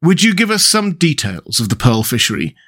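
A man's voice: fairly high pitch, sing-song, a little fast, pushed and bright, full character voice. A man voicing an eager young manservant. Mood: polite. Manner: earnest, deferential questions. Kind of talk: audiobook character reading.

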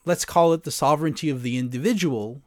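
A man interviewing in casual conversation, probing the guest's points and pushing back in a measured way. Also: a little high, a little mellow, no room sound, studio quality.

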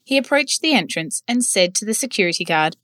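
A woman reads a children's story aloud, gentle and clear. Her voice sits mid-range and sounds close and dry. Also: mid-range voice, lively intonation, brisk, no echo.

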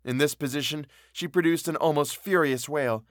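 A man narrating a classic novel in a measured, expressive reading. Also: fairly high pitch, no echo, clean studio sound. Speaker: audiobook narrator.

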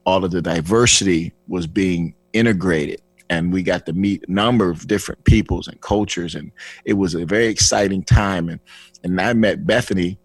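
Older man from Flint, low husky voice, lively storyteller who voices the people in his story. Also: moderate pace, no room sound. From Flint, Michigan. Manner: animated, acts out dialogue with restarts. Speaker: guest. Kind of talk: personal testimony storytelling.

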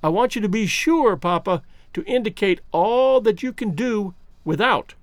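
A male reader doing a young woman's voice, proud and icy, lines pushed high and swinging wide, steady and cutting. the room is completely dry and close. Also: normal speed, no echo. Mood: polite. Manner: cold, level and cutting.

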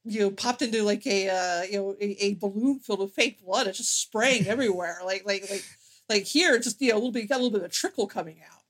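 A woman's voice: mid-range voice, fast talker. A woman joins a casual film podcast as co-host, chatty and easily amused, laughing often. Her talk is loose, with plenty of likes and you-knows. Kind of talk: casual chat.

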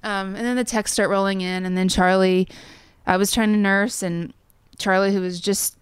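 A woman's voice: mid-range voice, steady tone, normal speed, smooth, no room sound. A woman in her thirties telling a personal story in a casual interview, earnest and full of fillers. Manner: chatty, many "like" fillers, earnest. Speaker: songwriter guest.

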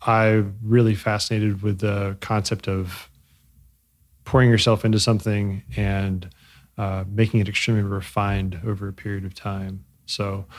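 In a casual interview about his bike company, a man with a lowish voice speaks reflectively, pausing a lot and using fillers and restarts as he searches for words.

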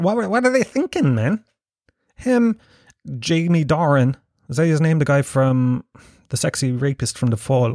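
A man's voice: mid-range voice, a little mellow, no echo, clean studio sound. An Irish man hosting a solo podcast, ranting in a sweary, mocking way and laughing often. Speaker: podcast host. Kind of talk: solo comedic podcast rant.

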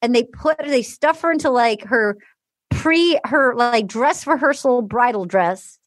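A woman's voice: fairly high pitch, unhurried, dry recording, studio quality. A woman recapping a reality show in casual chat, acting out what people said in shifting voices and saying "like" a lot. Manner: animated, acts out quotes in shifting voices; heavy use of "like" and restarts.

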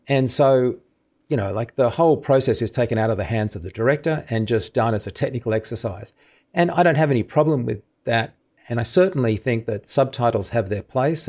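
A man's voice: medium pitch, darkish tone. A man being interviewed as an expert, explaining carefully step by step with casual fillers. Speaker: guest expert on film dubbing.

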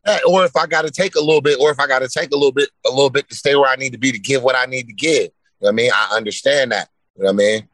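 A man's voice: mid-range voice, a bit bright, dry recording, low-quality recording. A man in a casual interview, talking laid-back and often asking "you know what I mean". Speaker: guest fighter.

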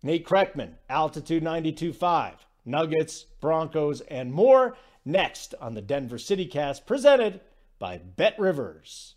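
A man's voice: a little high, sing-song, unhurried, a little mellow. A man hosting a sports betting podcast in casual conversational talk, loose, with fillers and restarts.

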